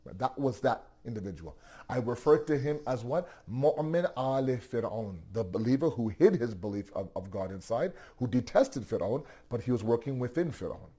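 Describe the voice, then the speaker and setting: A man telling a religious story in a sermon, animated, asking rhetorical questions and often restarting his sentences. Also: medium pitch, normal speed, slightly rough. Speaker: religious teacher.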